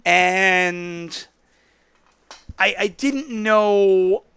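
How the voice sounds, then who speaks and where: A man's voice: high voice, drawn-out words, gravelly, sharp tone, clean tone, no echo. A man hosting a casual call-in poker podcast, telling stories in a chatty, rambling way. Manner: chatty, storytelling, self-interrupting. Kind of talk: casual solo call-in show talk.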